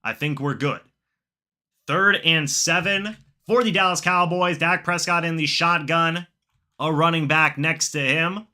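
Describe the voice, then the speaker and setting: A man hosts a live reaction stream from home, calling the game play by play for his viewers. His voice is very bright and sharp, pitched slightly high, and it jumps with excitement on big plays before sinking into low, muttered asides. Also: unhurried. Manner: excitable, bursts up when plays happen, then mutters asides. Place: home, watching the game on screen.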